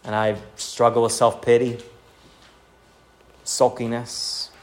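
A man's voice: mid-range voice, level tone, slow, slight background noise. A man preaching an expository sermon in an earnest, teacherly way, speaking straight to his listeners.

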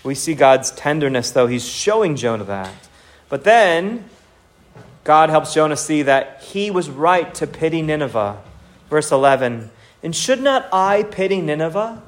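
Earnest male preacher, slightly high voice. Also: big pitch swings, a little slow. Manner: earnest, teacherly, addressing listeners directly. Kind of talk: expository sermon.

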